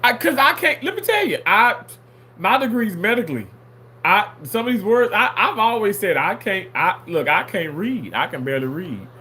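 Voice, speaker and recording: Man, livestream chat, playful, reads comments aloud, fairly high voice, very expressive pitch. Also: moderate pace, slight background noise. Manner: animated, playful, laughs often.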